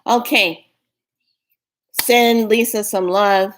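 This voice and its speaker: A woman chatting straight to her viewers about spiritual practice. She sounds playful and affectionate, laughs easily and often, and closes with warm sign-offs. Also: mid-range voice, fairly even intonation, very slow, a little hiss or hum. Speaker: spiritual vlogger. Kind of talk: casual spiritual chat to viewers.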